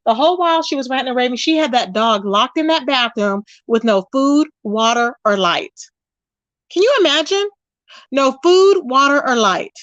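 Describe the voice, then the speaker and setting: Animated woman retelling drama to viewers. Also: sits high, normal speed, no room sound, highs cut off. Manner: animated retelling, quotes others in raised voice, addresses viewers directly. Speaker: commentary channel host. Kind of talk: casual commentary livestream.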